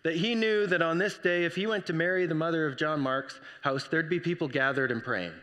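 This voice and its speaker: A man preaching a sermon, telling the story with lively energy and acting out the voices. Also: on the high side, fairly quick, long reverb tail. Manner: animated storytelling, acts out voices. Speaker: pastor.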